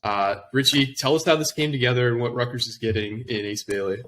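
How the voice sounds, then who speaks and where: A man's voice: mid-range voice, fairly quick, fairly bright tone, a little hiss or hum. A man co-hosting a sports podcast, talking in an enthusiastic, casual way and leading the conversation. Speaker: podcast co-host.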